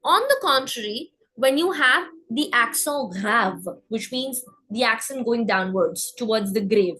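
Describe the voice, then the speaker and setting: A woman teaching French pronunciation, saying example words slowly so learners can repeat after her. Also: fairly high pitch, expressive, bright, forceful tone, low-quality recording. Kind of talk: pronunciation lesson.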